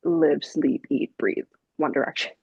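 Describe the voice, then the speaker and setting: A woman in her twenties, a podcast guest, telling a story in a casual, animated way, laughing often and using lots of fillers. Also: low-pitched, unhurried, breathy edge, no echo, highs cut off. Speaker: podcast guest, vinyl collector.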